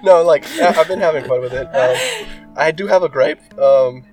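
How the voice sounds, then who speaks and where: A male podcast co-host chats casually, rambling and stuffing his speech with "like" and "um." His voice is fairly high with a darkish tone at normal speed, picked up by a distant mic over soft background music.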